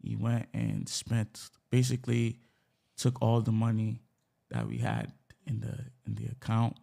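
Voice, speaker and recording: A man from Africa, a podcast guest, telling personal stories in a candid, halting way as he searches for words. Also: on the low side, vocal fry, mellow. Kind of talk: casual personal storytelling.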